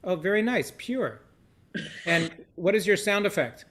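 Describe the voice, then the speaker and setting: A man's high-pitched, expressive voice, a little slow and fairly bright, guides participants through an online seder. He cues them casually and encouragingly, upbeat and heavy on fillers, over a video call.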